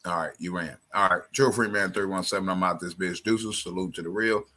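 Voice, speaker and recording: A man hosting a heated call-in live stream. His voice is very bright and cutting, and he argues with callers in a profane, repetitive way. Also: deep voice, steady tone, a little fast. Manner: confrontational, profane, repeats phrases.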